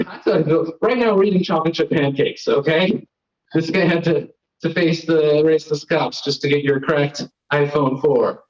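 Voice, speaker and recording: A fairly high-voiced young Floridian, moderately paced, hosts and performs live stand-up at a comedy venue. His set is rambling and self-deprecating, full of back-and-forth with the crowd, and the live stream audio is lo-fi.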